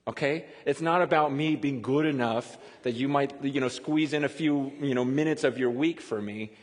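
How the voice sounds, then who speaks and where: Animated preacher in an echoing hall. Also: male voice, mid-range voice. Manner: animated, conversational preaching with quick laughs. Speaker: pastor. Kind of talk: sermon.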